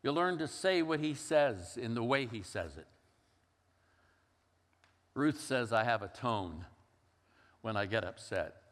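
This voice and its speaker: A man's voice: medium pitch, lively intonation, takes it slowly, pauses often, fairly bright tone. An older male pastor delivers a sermon in an easy, conversational way. He tells stories and acts out the voices in them. His mid-range voice carries a long reverb from a large hall. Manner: storytelling, conversational with acted-out quotes.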